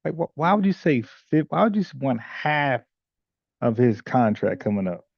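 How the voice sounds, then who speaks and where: A man co-hosting a talk show, giving blunt, slangy, animated opinions and mocking the people he discusses. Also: mid-range voice, moderate pace, creaky, no room sound. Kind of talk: casual opinionated chat. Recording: dull lo-fi dry sound.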